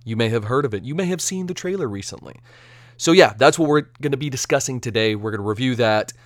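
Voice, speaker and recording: A man hosting a casual solo podcast review, chatty and energetic, now and then slipping into silly joke accents. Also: medium pitch, quick pace, dry recording. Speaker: podcast host.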